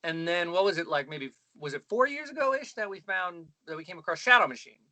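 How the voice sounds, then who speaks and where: A musician guest, a man, talking in a quick casual chat with a bright, cutting voice. His pitch sits a little high and the sound is dry and close. He swears freely and acts out what people said in different voices. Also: lively intonation, no echo. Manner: rapid, profane, acts out quoted lines in shifting voices. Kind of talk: casual conversation.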